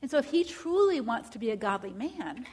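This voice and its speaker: A woman's voice: a little high, sing-song, fairly quick, a little mellow, slightly rough. A woman teaching counseling students, asking rhetorical questions and acting out what clients say. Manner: asks many rhetorical questions, acts out clients.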